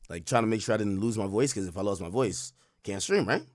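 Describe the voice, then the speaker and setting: A man's voice: lowish voice, lively intonation, fast talker, a little mellow, no room sound, studio quality. A young man hosting a casual livestream, talking loosely and reading out and answering his chat as it comes in. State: worried about losing his voice. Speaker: livestream host.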